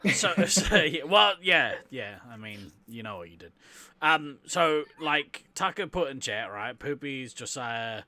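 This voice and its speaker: Bright-voiced New man, chatty. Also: medium pitch, very animated, measured pace. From New Zealand. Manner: rambling, laughs often, trails off quietly. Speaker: podcast co-host. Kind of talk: casual chat.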